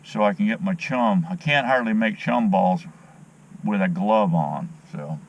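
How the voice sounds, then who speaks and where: The recording quality is low as a middle-aged fishing vlogger talks to his phone camera from a dock. His fairly low voice moves at a measured pace through a folksy, rambling, opinionated chat heavy with fillers.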